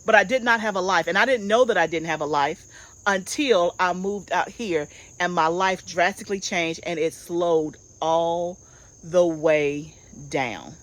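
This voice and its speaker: Woman, 40s, homestead vlog host, relaxed animated chatter, calls viewers y'all. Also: on the low side, normal speed, rough recording. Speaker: homestead gardening channel host. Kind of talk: casual chat.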